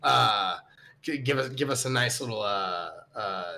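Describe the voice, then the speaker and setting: A man's voice: medium pitch, unhurried, creaky, sharp tone. A man co-hosting a podcast, chatting casually in a rambling, profane way with frequent laughs. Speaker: podcast co-host. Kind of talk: casual chat.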